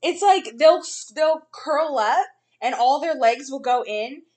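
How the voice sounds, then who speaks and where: A woman in her thirties, a mother, telling animated stories in casual chat with frequent laughs. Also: high voice, slow.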